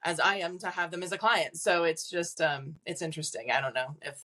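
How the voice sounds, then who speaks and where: A woman's voice: low voice, a little fast, bright, forceful tone. A woman guest on a podcast, a psychic medium, talking casually with lots of "like" fillers and little laughs. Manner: chatty, acts out quoted voices, frequent "like" fillers; laughs between points.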